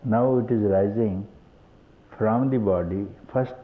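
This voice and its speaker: A man's voice: lowish voice, slow. An older man with an Indian accent giving a satsang talk as a spiritual teacher, chuckling often and asking rhetorical questions, on a tinny old tape with faint hiss. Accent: Indian English.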